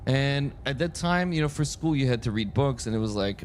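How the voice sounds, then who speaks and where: A French gamer with a mid-range, lively voice speaks a little fast as he chats while playing. His stories meander and keep breaking off and restarting, over a slight hiss or hum.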